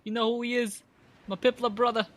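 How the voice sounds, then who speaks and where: A man's voice: extremely high pitch, little pitch movement, fairly quick, a bit bright, dry recording, pitched above the performer's own voice. A man voicing a swaggering young male penguin surfing champion who gives a preachy victory speech. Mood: boastful.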